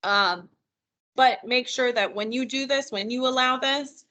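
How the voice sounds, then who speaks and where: Woman, trainer on a video call, bright voice, slightly high, chatty, encouraging. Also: unhurried. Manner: chatty and encouraging, reads out attendee questions. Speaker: financial wellness trainer. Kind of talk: live virtual training session. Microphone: computer mic on a video call.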